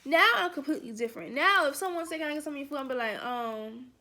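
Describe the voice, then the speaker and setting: Young woman, sassy storytime, high bright voice. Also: fast talker. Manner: animated, sassy storytelling with exaggerated quoted voices. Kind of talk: casual storytime vlog.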